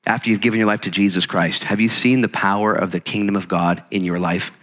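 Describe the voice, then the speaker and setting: A man preaching a sermon as pastor to a church congregation, energetic and conversational, acting out quotes as he goes. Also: fairly low pitch, quick pace. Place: church sanctuary. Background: congregation present.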